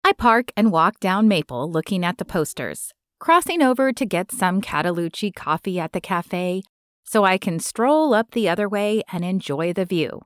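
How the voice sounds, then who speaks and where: A woman reading a novel aloud in first person, light and steady. Her voice sits mid-pitch, and the sound is dry and close. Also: normal speed, no room sound. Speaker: audiobook narrator.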